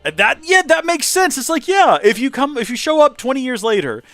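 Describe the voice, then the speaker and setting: A man's voice: extremely high pitch, big pitch swings, brisk, fairly bright tone. A man casually commentating a game livestream, rambling animatedly and acting out quotes. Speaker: let's play streamer.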